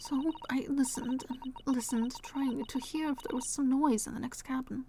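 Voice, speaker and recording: A woman voicing a timid, nervous young woman with a put-on Russian accent, speaking in a hushed, halting way. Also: high-pitched, steady tone, noisy background. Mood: anxious. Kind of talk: reading game dialogue aloud in voices.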